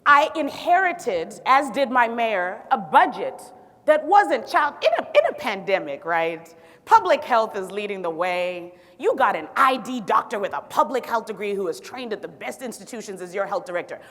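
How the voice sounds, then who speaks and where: A woman from Zimbabwe, a physician, telling her story in a public talk with sassy, animated asides to the audience. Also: mid-range voice, moderate pace. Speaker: physician and city health director speaking on stage. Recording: long reverb of a large hall.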